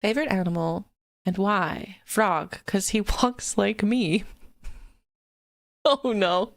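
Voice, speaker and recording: A woman's voice: medium pitch, takes it slowly, no echo, studio quality. A woman streamer chatting casually on a live stream. She is giggly and swears freely, talking into a desk mic at home.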